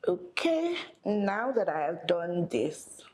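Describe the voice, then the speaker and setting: Casting: young woman, low voice, chatty get-ready-with-me makeup vlogger. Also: a little slow, darkish tone, low-quality recording. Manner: chatty, thinking aloud while applying makeup. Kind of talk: casual get-ready-with-me chat.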